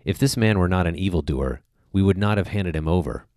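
A man's voice: deep voice, lively intonation, fairly quick, a little mellow, dry recording, clean studio sound. Man reading an insistent, angry crowd. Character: angry crowd of priests demanding a death.

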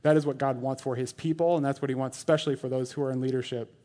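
A man's voice: medium pitch, fairly even intonation, very fast, mellow. A man in his thirties who is a lay elder, giving a casual, joking sermon full of fillers. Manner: chatty and joking, lots of "like", laughs at his own jokes.

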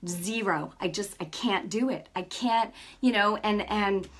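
A middle-aged woman giving a casual faith talk, telling stories with lively energy and often checking in with her listeners. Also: mid-range voice, measured pace. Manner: lively storytelling, acts out quoted dialogue; peppers speech with "right?" and "you know". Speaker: Christian speaker.

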